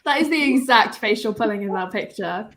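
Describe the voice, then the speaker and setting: A woman's voice: mid-range voice, expressive, fairly quick, fairly bright tone. A woman taking part as a contestant in an improv comedy game show, trading dry, wry banter.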